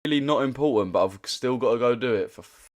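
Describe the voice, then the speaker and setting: A man with hosts a live trading stream. He talks to his chat bluntly and swears freely. His speech comes in quick bursts that he often restarts. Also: mid-range voice. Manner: blunt, slangy, heavy swearing. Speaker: trading livestreamer. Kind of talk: casual livestream chat to viewers.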